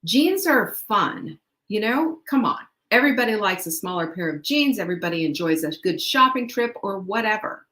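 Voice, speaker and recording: A woman's voice: mid-range voice, lively intonation, normal speed, fairly bright tone. A middle-aged woman hosts a motivational talk show in an upbeat, chatty way. She keeps asking her listeners rhetorical questions. Her voice rings a little in a roomy, echoey space. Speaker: podcast host.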